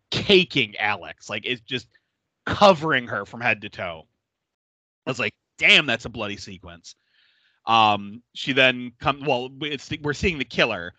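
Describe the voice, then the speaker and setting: A male podcast host in relaxed, casual chat, retelling a horror film scene by scene. His voice is bright and sharp, and his pitch jumps around animatedly. He laughs often and swears freely, and the sound is dry and close. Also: dry recording.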